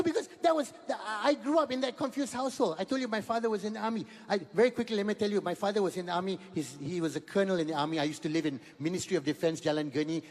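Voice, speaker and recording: A man in his fifties with a Malaysian accent, performing an animated stand-up comedy set and repeating words in rapid bursts. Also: sits high. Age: 50s. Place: large venue with live audience. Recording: echoey hall with audience noise.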